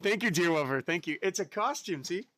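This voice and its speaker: A man's voice: high-pitched, animated, fairly quick, bright, forceful tone. A man from the United States chatting casually with his live-stream audience in a chatty, giggly way, with an unusual voice. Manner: chatty, giggly, reacts to chat.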